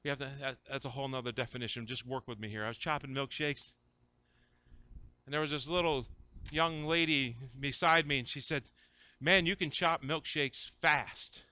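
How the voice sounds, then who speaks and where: A man preaching a sermon, shifting between conversational asides and shouted, dramatic retellings of scripture. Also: mid-range voice, steady tone, fairly quick, smooth, dry recording. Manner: acts out scripture voices dramatically. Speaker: pastor.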